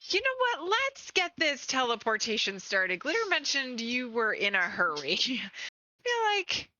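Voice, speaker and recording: A woman's voice: sits high, wildly swooping pitch, measured pace, pushed and bright, no room sound, full character voice. A woman game master voicing a sarcastic female mage in ornate robes, with slightly muffled, dry stream audio.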